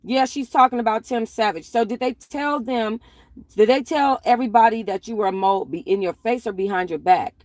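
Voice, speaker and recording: A woman hosting an interview, asking probing follow-up questions in a relaxed conversational way. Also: on the high side, brisk, slight background noise. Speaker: host.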